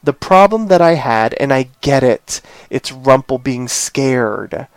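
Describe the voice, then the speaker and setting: A man's voice: mid-range voice, expressive, slow pace, smooth, dry recording. A man hosting a casual chat, retelling a TV episode in a rambling way with lots of filler phrases and emphatic opinions. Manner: rambling retelling full of "you know" and "this, that, or the other". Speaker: podcast host.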